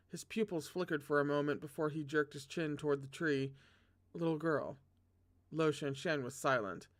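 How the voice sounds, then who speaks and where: A host reading a novel aloud, breaking off into chatty, excitable commentary with self-deprecating humor. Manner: dramatic, excitable asides with big pitch jumps. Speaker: read-along host.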